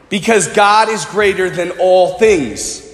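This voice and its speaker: Brief: forties male preacher, lively chatty sermon delivery, fairly high voice, long hall reverb. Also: slow, vocal fry. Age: 40s. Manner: animated, conversational storytelling. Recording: echoey hall.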